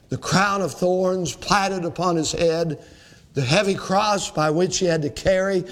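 A man preaching an evening sermon as pastor, climbing to emphatic peaks and sinking to slow, hushed lines. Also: a little high. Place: church service in the evening.

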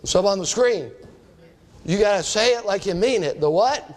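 A man's voice: high voice, lively intonation, moderate pace. A man preaching a sermon to students in a hall, emphatic, repeating phrases and asking the crowd questions. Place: church or school hall before a live audience.

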